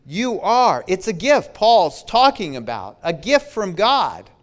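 A man preaching a sermon, slow and emphatic, repeating his key phrases. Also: high voice, big pitch swings.

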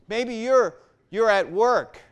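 A man's voice: high voice, slow pace, clean tone. A man preaching a sermon to his church, repeating words for emphasis and building in force. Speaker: pastor.

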